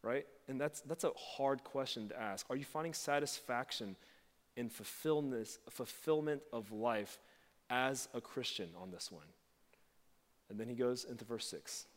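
A man gives a conversational sermon in a church sanctuary, his mid-pitched voice carrying a long hall reverb. He preaches as a pastor and acts out quoted lines with sudden leaps upward in pitch. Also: a little slow.

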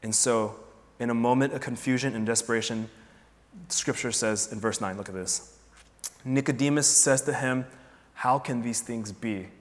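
A man's voice: medium pitch, moderate pace. Conversational man preaching in a reverberant hall. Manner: conversational, animated preaching with rhetorical questions. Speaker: pastor. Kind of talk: sermon.

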